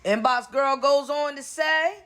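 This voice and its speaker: A woman's voice: high voice, a little slow, a bit bright. A woman hosting a gossip commentary, blunt and sassy, laughing often as she reads posts aloud. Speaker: gossip channel host.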